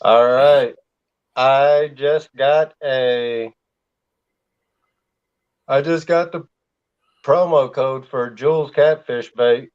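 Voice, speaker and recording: A man's voice: mid-range voice, steady tone, extremely slow, long pauses, clean tone. A man with a Southern accent, hosting a casual livestream chat and telling stories in a laid-back way. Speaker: livestream host. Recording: slightly dull lo-fi sound.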